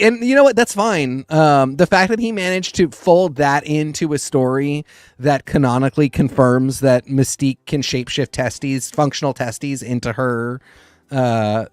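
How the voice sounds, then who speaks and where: A man co-hosting a casual podcast, talking in a rambling, animated way with quick asides. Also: mid-range voice, clear, resonant tone, no echo, clean studio sound. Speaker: podcast co-host. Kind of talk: casual comics discussion.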